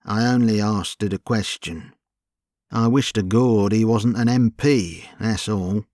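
A man's voice: on the low side, measured pace, a little mellow, no room sound, clean studio sound, natural voice. A man reading an audiobook, voicing a crafty working-class hired crook with a wheedling, conciliatory manner. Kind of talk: audiobook character voice.

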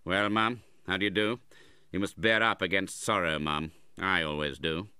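A man's voice: deep voice, fairly even intonation, moderate pace, bright, forceful tone, smooth, no echo, studio quality. A man reading the part of a cold, hard-hearted middle-aged moneylender in an audiobook, speaking curtly and sternly. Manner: curt and stern.

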